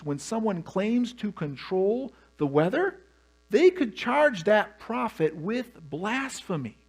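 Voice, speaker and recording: A pastor preaching a sermon, telling the story with humor and animation. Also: mid-range voice.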